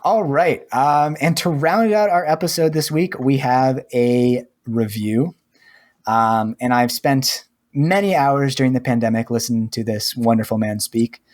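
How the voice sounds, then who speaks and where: A man co-hosting a podcast, chatting in a relaxed, rambling way with lots of fillers. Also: medium pitch, unhurried. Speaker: podcast co-host. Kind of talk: casual podcast chat.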